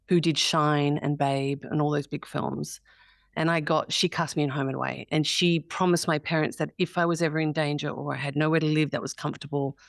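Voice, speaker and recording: A woman's voice: low voice, no echo, clean studio sound. A woman in her forties with an Australian accent, chatting as an interview guest, laughing often and acting out quotes. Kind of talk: casual interview chat.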